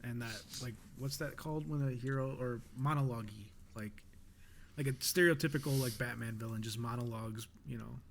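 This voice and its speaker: A man's voice: medium pitch, a little fast, creaky, slight background noise. A man co-hosting a casual podcast, rambling his opinions with many fillers and trailing off. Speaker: podcast co-host.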